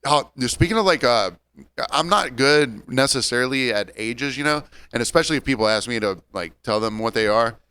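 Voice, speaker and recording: A man's voice: medium pitch, expressive, sharp tone, smooth, no echo. A man in his forties co-hosting a casual podcast, joking and ranting through long stories. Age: 40s. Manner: joking, ranting, drawn-out storytelling. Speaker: podcast co-host. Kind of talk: casual chat.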